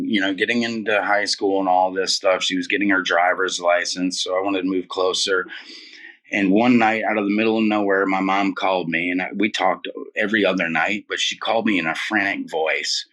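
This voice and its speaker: Deep-voiced, with a pushed, bright tone, this forty-something interview guest recounts his story casually but emphatically. "Man" and "dude" come up often, and his voice is picked up from a little away from the microphone.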